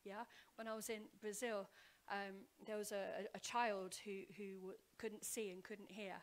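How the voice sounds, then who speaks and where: A woman preaching a heartfelt testimony in church, telling her story earnestly and repeating words as she goes, often sinking to a hushed whisper before building up loud. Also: medium pitch, level tone, measured pace. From Wales. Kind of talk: sermon testimony. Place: church hall.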